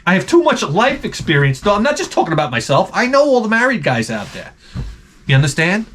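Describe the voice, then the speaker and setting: A man's voice: high voice, huge pitch swings, fairly quick, fairly bright tone, a little hiss or hum. A man hosting a crude advice show, reading viewer letters and answering in a blunt, rambling, profane way with many restarts. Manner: reads viewer letters aloud and then reacts to them. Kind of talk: crude comedic advice monologue.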